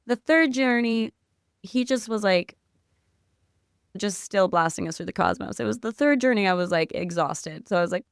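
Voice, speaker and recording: A woman guest on a podcast, telling a story in excitable casual chat with lots of "like" and spiritual talk. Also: medium pitch, normal speed, creaky, smooth, no echo, clean studio sound.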